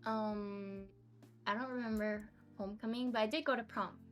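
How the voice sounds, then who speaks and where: A woman's voice: mid-range voice, fairly even intonation, normal speed, faint music behind. A young woman from the United States, a podcast guest chatting casually about her life, laughing often and poking fun at herself. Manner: giggly, laughs often, self-mocking. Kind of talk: casual interview chat.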